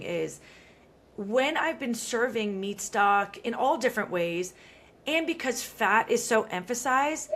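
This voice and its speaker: A woman in her thirties hosting a podcast, talking in a chatty, animated way full of "like" fillers. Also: fairly high pitch. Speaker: podcast host. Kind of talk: casual conversational chat.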